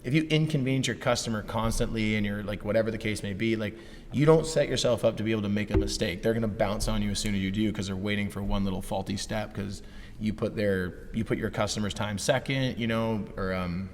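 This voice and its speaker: A man's voice: on the low side, fast. A male podcast co-host chatting casually about business, loose and motivational, with lots of "like" and "you know". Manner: loose, filler-heavy, motivational. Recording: long reverb, faint ambient noise.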